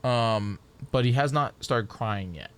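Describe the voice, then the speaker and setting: Male streamer, loose rambling talk full of restarts, bright and crisp. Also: medium pitch, measured pace. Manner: rambling, stacks repeated restarts. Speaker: game streamer. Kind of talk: casual live-stream chat.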